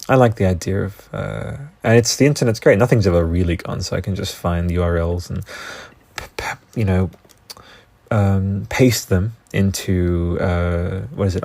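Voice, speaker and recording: Excitable, swearing podcast host; low fry-laden voice, tangents galore. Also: male voice, dry recording. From Australia. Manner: excitable, profane, tangent-prone. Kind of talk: casual solo podcast rambling.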